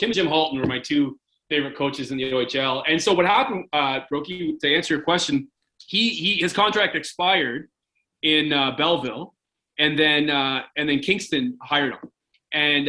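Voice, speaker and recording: Chatty man telling stories, bright voice. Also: fairly high pitch, low-quality recording. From Canada. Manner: rambling, lots of "like" and "right?". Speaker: podcast guest, former hockey goalie. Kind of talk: casual interview storytelling.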